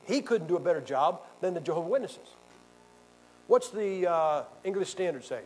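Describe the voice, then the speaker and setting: A male pastor leads a Bible class in a combative, sarcastic way, firing questions at his listeners. His voice sits fairly high for a man. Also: expressive, normal speed, darkish tone, low-quality recording. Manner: combative, sarcastic, quizzes the audience.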